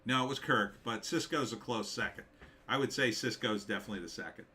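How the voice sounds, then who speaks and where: A man's voice: mid-range voice, brisk, sharp tone, slight background noise. A man hosting a live stream, reading viewer comments aloud and answering them with blunt, dismissive opinions and many fillers.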